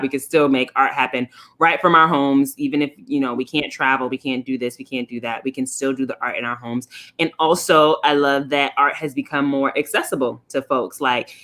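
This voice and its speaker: A woman co-hosting a casual podcast, telling stories in an animated, chuckling way over a home video call. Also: rumbling low. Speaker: podcast co-host. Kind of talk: casual chat.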